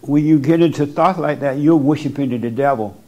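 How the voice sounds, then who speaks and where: A man's voice: on the high side, fairly quick, a little mellow, muffled recording. A man giving blunt spiritual counsel to someone in front of him, talking into a microphone and driving his points home by repeating them. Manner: blunt, repetitive, insistent. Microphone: speaking into a microphone.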